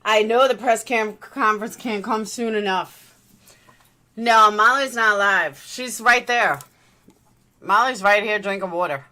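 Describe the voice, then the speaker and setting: A woman's voice: medium pitch, a little slow, bright, forceful tone. A woman hosting a livestream, chatting loosely as she reacts to a live news feed. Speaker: livestream host. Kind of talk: casual live commentary.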